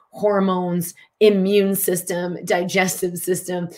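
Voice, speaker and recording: A middle-aged woman coaching tapping in a live online session, talking in an animated, emphatic and chatty way. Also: lowish voice, moderate pace, few pauses. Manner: animated, emphatic, conversational with fillers.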